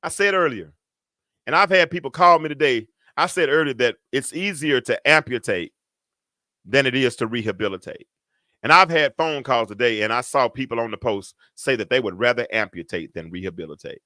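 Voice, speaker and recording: A man's voice: medium pitch, expressive, brisk, sharp tone, no echo, clean studio sound. A middle-aged man, a preacher and host, delivering a sermon with an emphatic, repetitive cadence. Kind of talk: livestreamed sermon.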